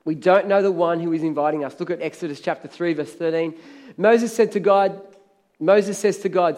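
A man's voice: a little high, moderate pace, a little mellow. A man preaching a sermon in a church, emphatic, repeating key phrases and calling out for amens from the congregation. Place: church hall.

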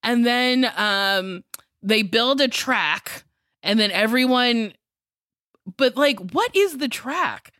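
A woman's voice: a little high, lively intonation, slow pace, a bit bright, no echo, studio quality. A woman in casual podcast chat, telling stories with lots of laughter, swearing freely and acting out other people's lines. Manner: acts out other people's lines in mock voices.

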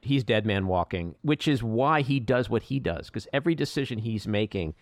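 A male host speaks frankly in a conversational interview and states his opinions outright. His voice is on the low side. The recording is dry, with no room sound. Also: animated, moderate pace, no echo. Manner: frank, opinionated, gets heated.

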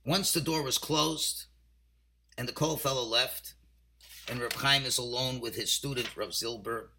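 Bright-voiced man giving a Torah talk. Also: mid-range voice, moderate pace. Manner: emphatic storytelling, swinging from quiet to loud; mixes in Hebrew and Yiddish terms. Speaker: rabbi. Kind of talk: weekly Torah portion talk.

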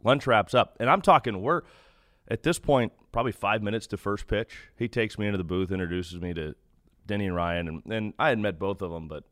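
A young man with a low voice tells stories about his broadcasting career. He sounds earnest and self-deprecating, with nervous laughter. The recording is dry and close, with no room sound. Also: a little fast, a bit bright, no room sound. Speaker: baseball broadcaster, guest. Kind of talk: conversational storytelling.

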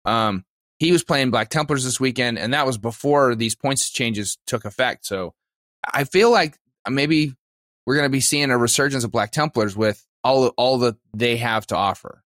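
A man's voice: mid-range voice, normal speed, fairly bright tone, dry recording, studio quality. Eager stammering man on a podcast. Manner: enthusiastic, stammering restarts. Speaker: podcast co-host. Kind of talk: casual chat about tabletop gaming.

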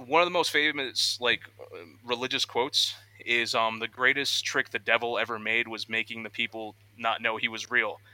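An energetic young man co-hosts a casual news podcast. His voice is strikingly bright and forceful. He sits in a dead, dry-sounding room, and he often slips into mock voices when he quotes people. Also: mid-range voice, clear, resonant tone, no room sound. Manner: excitable, acts out quotes in voices. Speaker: podcast co-host.

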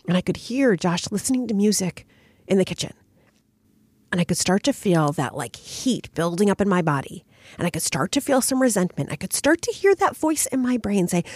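Candid woman host talking lively, getting over a cold. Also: mid-range voice, no room sound, studio quality. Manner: candid and expressive, frequent "like" and "right?". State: recovering from a cold. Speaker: podcast host. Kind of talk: personal storytelling monologue.

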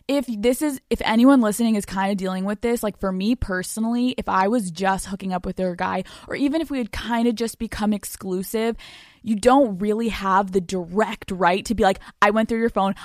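A young woman hosting a podcast, giving casual relationship advice in a blunt, profane, animated way. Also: medium pitch, moderate pace, dry recording, studio quality. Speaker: podcast host.

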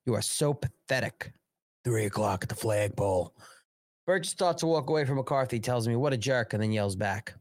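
A man's voice: medium pitch, expressive, normal speed, darkish tone, no room sound. A man hosting a live political commentary show, reading news aloud and mocking it with crude swearing. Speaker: host.

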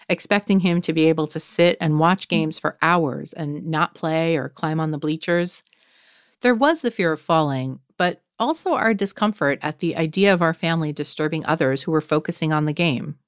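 A woman co-hosts a parenting podcast. She reads stories and reflects on them in an earnest, thoughtful way. Her voice is smooth and lowish, recorded dry and close. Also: dry recording. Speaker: podcast co-host. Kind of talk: reading a listener story and chatting.

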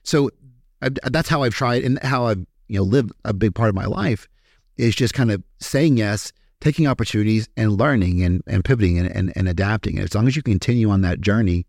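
A man's voice: on the low side, a little fast, darkish tone, no room sound, studio quality. A man from Kentucky with a Kentucky accent, a podcast guest telling his story in a candid, profane, casual way with many fillers.

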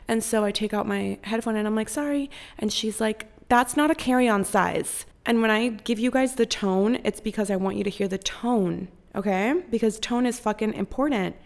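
Profane, animated woman with vocal fry. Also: medium pitch. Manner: profane and animated, acts out others' voices. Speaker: podcast host. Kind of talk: casual storytelling chat.

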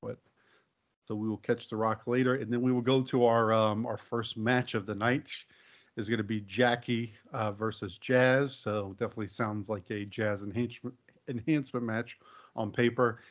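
On dull, lo-fi podcast audio, a man hosts a casual wrestling podcast, rambling easily with plenty of fillers. His voice is mid-range with fairly even intonation and a moderate pace.

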